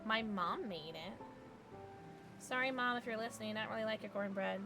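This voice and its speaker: A woman's voice: medium pitch, fairly quick, over music. A woman streamer chatting casually with her live viewers, giggling often as she reacts to the chat.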